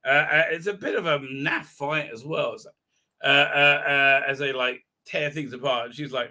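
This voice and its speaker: Bright-voiced rambling man. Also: medium pitch, moderate pace. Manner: rambling, exasperated, crude, many fillers. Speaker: livestream host. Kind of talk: livestream fan commentary.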